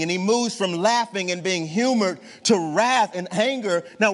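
A man with a high voice preaches a sermon, building emphasis through repetition and big swings in pitch. His voice rings out in the long reverb of a large hall. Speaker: pastor.

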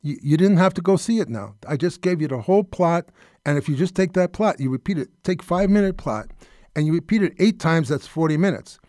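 A man's voice: a little high, lively intonation, brisk, darkish tone, no room sound. A man hosting a comedy radio show in a studio, rambling sarcastically with lots of fillers. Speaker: radio host. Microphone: studio mic.

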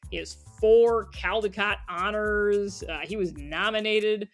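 A man's voice: sits high, unhurried, a bit bright, faint music behind. A man co-hosting a casual podcast chat, talking in a chatty way and laughing often. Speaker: podcast co-host. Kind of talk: casual chat about picture books.

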